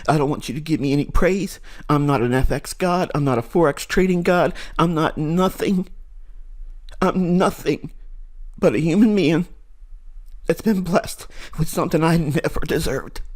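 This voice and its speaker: Middle-aged guy lecturing his viewers, intense and preachy, kinda high voice. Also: normal speed, darkish tone. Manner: earnest, preachy, emphatic. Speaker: trading mentor. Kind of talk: impassioned monologue to viewers.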